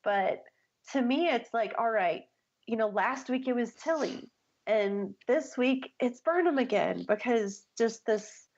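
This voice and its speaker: A woman's voice: on the high side, animated, unhurried, dull audio. A woman co-hosting a fan podcast, chatting enthusiastically with lots of filler words. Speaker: podcast co-host. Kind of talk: casual chat.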